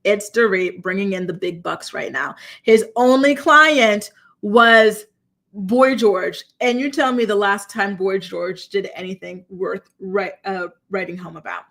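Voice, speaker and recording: A woman's voice: medium pitch, unhurried, creaky, a bit bright. A woman hosting a casual gossip show, recapping reality TV in a blunt, sassy, chatty way and talking straight to her viewers. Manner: talks straight to live chat viewers. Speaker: celebrity gossip host.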